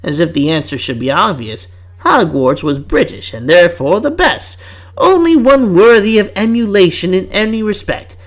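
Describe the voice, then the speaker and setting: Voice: mid-range voice, sing-song, moderate pace. A fan fiction reader reading aloud with voices, chatty and breaking off for asides.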